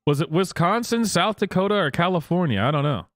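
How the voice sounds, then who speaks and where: Incredulous man's lively reaction commentary. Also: high-pitched, no echo, clean studio sound. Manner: incredulous, laughing, halting. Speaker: host.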